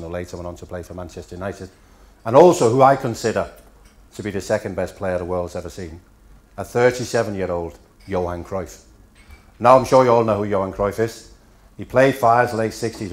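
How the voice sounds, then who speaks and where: A middle-aged man from Denmark speaks as a guest at a dinner, in a fairly low voice. He tells his stories in a dry, understated way and lets the punchlines land. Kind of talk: after-dinner speech with anecdotes. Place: hotel function room.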